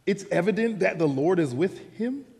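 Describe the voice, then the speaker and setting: A man preaching a sermon to a congregation in a casual, animated storytelling way. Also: high voice, moderate pace, creaky, long reverb tail. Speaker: pastor. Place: church sanctuary.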